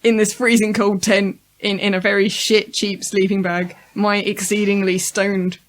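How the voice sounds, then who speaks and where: A woman's voice: mid-range voice, level tone, a little slow. Woman co-host, frank and wry, casual storytelling. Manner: frank, wry storyteller, laughs while telling. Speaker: podcast co-host. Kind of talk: casual chat.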